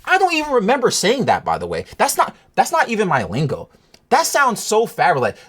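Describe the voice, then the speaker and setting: A vlogger tells a breakup story in a loose, rambling rant, swearing freely and asking the listener over and over whether they follow. The voice is husky and a little rough. The pitch swings widely from low, weary mutters to sharp high peaks. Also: wildly swooping pitch, a little fast. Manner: rambling, profane, keeps asking "you know what I'm saying".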